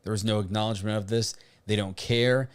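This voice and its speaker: A man's voice: on the low side, steady tone, fairly quick, clear, resonant tone. Blunt, sarcastic male rant host. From Puerto Rico. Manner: blunt, combative, sarcastic asides. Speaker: podcast host. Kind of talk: opinion rant commentary.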